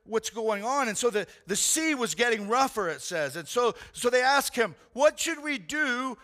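High, bright-voiced preacher man. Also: moderate pace. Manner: animated storytelling, casual slang like "man" and "bro". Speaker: pastor. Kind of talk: sermon.

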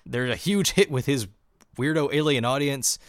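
A man co-hosting a podcast who recaps a TV episode as an animated storyteller, full of mock outrage. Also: medium pitch, normal speed, no echo, studio quality. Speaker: podcast co-host. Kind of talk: casual episode recap chat.

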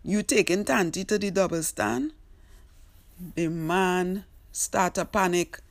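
A woman's voice: on the low side, slow, gravelly, dry recording. A woman with a Trinidadian accent, telling a comic story and teasing its character with exclamations. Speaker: storyteller host.

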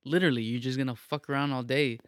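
A man's voice: medium pitch, fast talker, no room sound. Young man, laid-back casual talker, mid-range voice, dry sound. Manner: relaxed, rambling, repeats himself. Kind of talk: casual chat.

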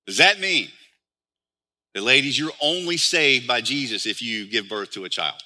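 Bright-voiced man preaching a sermon. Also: medium pitch, sing-song, normal speed. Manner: explains scripture with frequent rhetorical questions. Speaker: pastor.

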